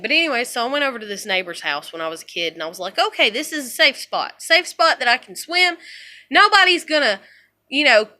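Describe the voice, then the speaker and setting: Bright high-voiced woman venting, rambling. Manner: rambling, profane storytelling, swinging from low mutters to loud outbursts. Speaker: vlogger. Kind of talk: casual monologue.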